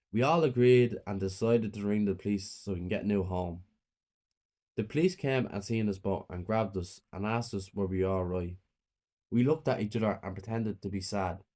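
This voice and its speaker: A man narrating a first-person horror story in a plain, flat reading. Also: lowish voice, normal speed.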